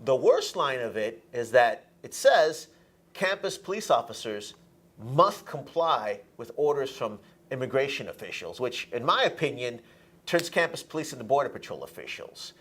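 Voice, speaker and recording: A man hosting a political talk show, arguing his points in an animated way and laughing between them. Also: medium pitch, moderate pace.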